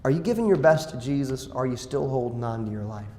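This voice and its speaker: A man's voice: medium pitch, animated, fast talker. Man preaching in an echoey church. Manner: swings from quiet asides to loud raised exclamations. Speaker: pastor. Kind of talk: sermon. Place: church sanctuary.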